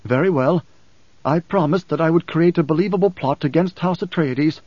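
A man voicing a tense male pilot and swordsman who talks in a curt, gruff, grating way. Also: a little high, normal speed, a little mellow, no echo, natural voice. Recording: slightly dull dry recording.

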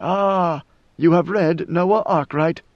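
An ancient god-emperor speaks in slow, grave, measured tones, as a male reader puts him on. The voice sits a little high and carries a dull, lo-fi sound. The recording is dry. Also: fairly even intonation, no echo. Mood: solemn. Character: ancient godlike male emperor, calm, solemn.

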